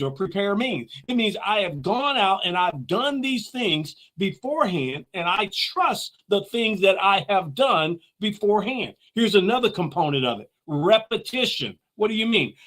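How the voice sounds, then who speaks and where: High-voiced man giving a motivational talk. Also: fairly bright tone. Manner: emphatic, repeats key phrases, asks and answers own questions. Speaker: host.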